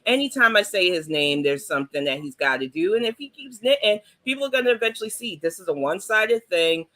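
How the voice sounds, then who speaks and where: Blunt, bright-voiced New woman. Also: medium pitch, lively intonation, quick pace. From New York. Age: middle-aged. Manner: blunt and outspoken. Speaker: panelist. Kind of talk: casual panel chat.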